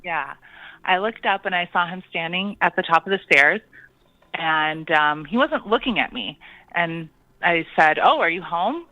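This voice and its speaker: A caller on a call-in radio show recounts a spooky personal story, hesitant and full of pauses and ums. The voice sits at a middling pitch and sounds dry and muffled, as if heard down a dull phone line. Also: no echo.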